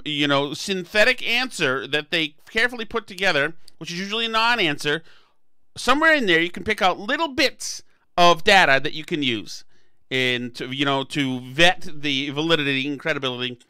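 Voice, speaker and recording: A man's voice: on the high side, sharp tone, smooth, no room sound. A man hosting a political podcast, talking emphatically and sarcastically, often restarting his phrases. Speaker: podcast host. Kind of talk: political commentary chat.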